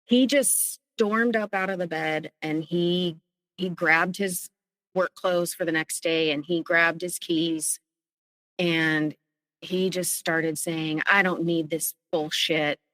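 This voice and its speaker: A woman on a podcast, telling her own story in an earnest, halting way, often restarting her sentences. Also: fairly low pitch, steady tone, a bit bright, dry recording, in a large hall, rough recording. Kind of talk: personal storytelling.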